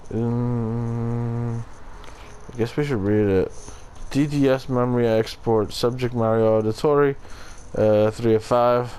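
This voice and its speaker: A man hosts a let's play video, joking and irreverent, swearing casually as he goes. His voice sits at an ordinary middle pitch, with a faint hiss of background noise. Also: steady tone, slow, warm tone, low-quality recording. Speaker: gaming channel host.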